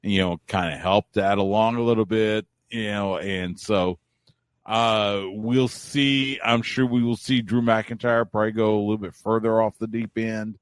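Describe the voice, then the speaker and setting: A man in Central Texas talking as a guest on a radio wrestling show, relaxed and rambling, often restarting his sentences. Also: on the low side, measured pace, smooth, no echo. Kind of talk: casual chat.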